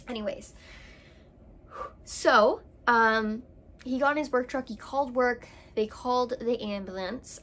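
A woman with a slightly high voice chats to her camera about something that shook her. She rambles emotionally and keeps circling back with fillers and restarts. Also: a bit bright, a little hiss or hum. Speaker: vlogger. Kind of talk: casual storytelling to camera.

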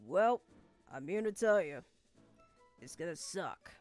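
A young woman streaming a game, chatting casually with viewers, giggly and excitable. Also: fairly low pitch, slow pace, faint music behind. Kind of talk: casual gaming stream chat.

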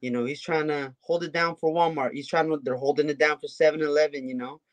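A man co-hosting a podcast in casual conversation, animated and asking rhetorical questions. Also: fairly high pitch, fast, no room sound. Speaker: podcast co-host.

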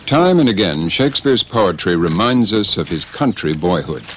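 A man giving scripted documentary narration with an expressive, rising and falling delivery. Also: low-pitched, moderate pace, slight background noise.

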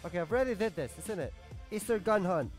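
Excitable high-voiced man swearing at a game. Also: fast talker. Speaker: gaming YouTuber. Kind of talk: casual gameplay commentary. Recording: game music playing underneath.

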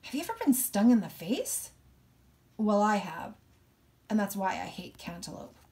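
A woman's voice: mid-range voice, big pitch swings, normal speed, warm tone. A woman reading a novel aloud and explaining it thoughtfully between passages.

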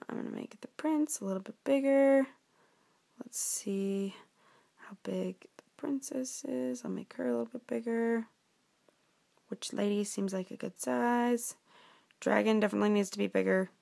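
A woman's voice: medium pitch, gravelly. A woman teacher giving a casual app tutorial, with frequent filler words as she explains.

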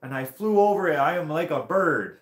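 A man's voice: a little high, animated, brisk, voice pushed up, lightly acted. A man voicing a cheerful, showy French mountain biker with a put-on French accent, drawn out and sing-song. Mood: boastful. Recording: roomy echo.

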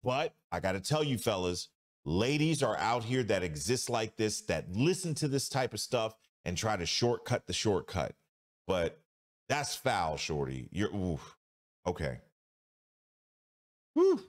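A man hosting a reaction commentary show, talking emphatically and reacting with drawn-out exclamations. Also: on the low side, big pitch swings. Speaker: host.

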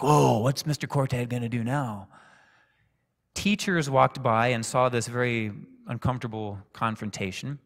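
Man, preacher, sermon, calm storytelling tone, medium pitch, long church-hall reverb. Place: church sanctuary.

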